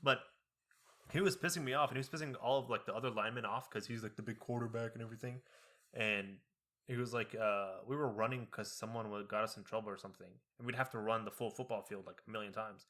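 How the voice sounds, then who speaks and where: Young male podcast co-host with a bright voice; animated storyteller who acts out quotes. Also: lowish voice, fast. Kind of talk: casual chat.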